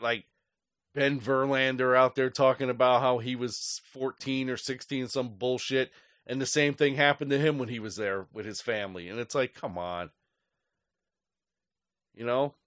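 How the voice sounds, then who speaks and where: A man in a sports fan talk show, swearing constantly and ranting in loose, rambling bursts. His voice sits in an ordinary middle pitch, recorded close and dry with no room sound. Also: a bit bright, dry recording. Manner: angry, profane, rambling. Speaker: sports podcast host.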